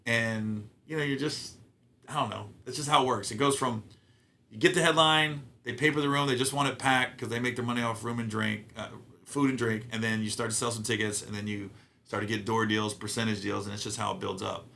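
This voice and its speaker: Animated, bright-voiced middle-aged man. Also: fairly low pitch, fairly quick, creaky, a little hiss or hum. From Ohio. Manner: animated, profane, acts out quotes. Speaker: guest comedian. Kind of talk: casual storytelling interview.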